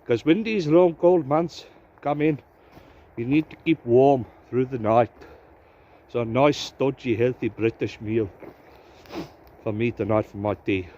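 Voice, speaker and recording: A man's voice: mid-range voice, measured pace, pauses often, dark tone, muffled recording. A man hosting a casual outdoor vlog in winter woods, joking around in a put-on South African accent. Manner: jokey, playful mock accent. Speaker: bushcraft vlogger host.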